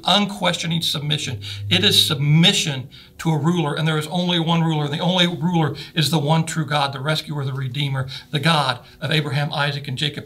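Male pastor, bright forceful voice, earnest sermon delivery with slow emphatic stresses. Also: fairly high pitch. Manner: earnest preaching, slows and stresses key words. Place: church sanctuary.

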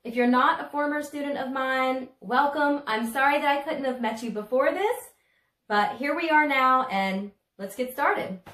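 A woman's voice: sits high, normal speed, a bit bright. A woman art teacher with a Southern US accent, giving a friendly home video art lesson for children and explaining as she draws. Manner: friendly, chatty, explains while drawing. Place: home room. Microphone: phone camera.

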